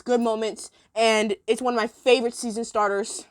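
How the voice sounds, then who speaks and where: A woman's voice: a little high, brisk, a bit bright, no room sound, studio quality. A woman chatting casually as she ranks cartoon episodes, gushing and giggly. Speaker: episode ranking vlogger. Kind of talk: casual chat.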